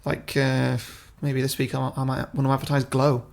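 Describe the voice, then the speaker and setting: A male podcast co-host with a mid-pitched voice, talking through films and reading the show's plugs in a dry, matter-of-fact tone. His delivery is plain and conversational. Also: monotone, normal speed, vocal fry. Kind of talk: casual film-review chat.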